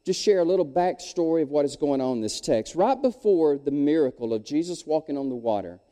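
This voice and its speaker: Speaking a touch quickly in a fairly high voice, a middle-aged man delivers a sermon as pastor. He's an animated storyteller who calls out to his congregation, and the echoey hall of the sanctuary gives a long reverb.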